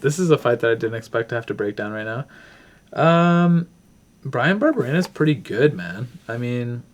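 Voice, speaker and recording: A man's voice: medium pitch, sing-song, normal speed. A man hosting a casual talk show, rambling through a fight breakdown while thinking aloud with many fillers. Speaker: podcast host.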